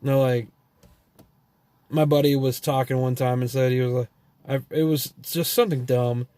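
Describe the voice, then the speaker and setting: A man with a medium-pitched, steady, warm voice speaks at a normal pace in a dry recording. He's a Texan with a Texas accent, rambling through loose, profane stories packed with fillers and thoughts that trail off.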